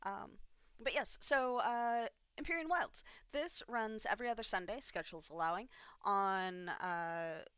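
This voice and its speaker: A woman's voice: mid-range voice, measured pace, a bit bright, clear, resonant tone, no echo. A tired woman running a tabletop game livestream on a home mic, rambling and self-deprecating with many fillers. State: tired from little sleep. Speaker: game master. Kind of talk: livestream announcements and recap.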